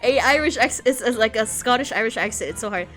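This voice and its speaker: A woman's voice: a little high, fast talker, a bit bright, soft background music. A woman streaming a game with a friend, chatting casually and reading lines aloud in silly voices while giggling a lot. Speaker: gaming streamer. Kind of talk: casual let's play chat.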